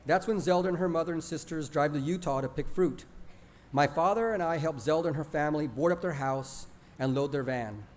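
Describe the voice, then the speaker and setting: A man reading his own stories aloud to a live audience in a lively, expressive storytelling manner. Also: fairly high pitch, a little fast.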